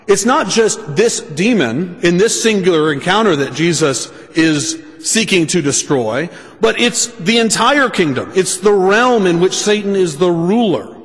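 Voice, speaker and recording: A man preaching a sermon, speaking deliberately and restating his points for emphasis. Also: high voice, in a large hall.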